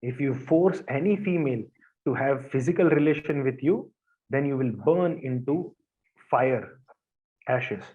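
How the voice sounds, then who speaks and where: A man of middle pitch narrates a devotional story in plain, repetitive sentences and often restarts them. The lo-fi recording sounds dull and muffled. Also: animated, a little slow. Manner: simple, repetitive phrasing with restarts.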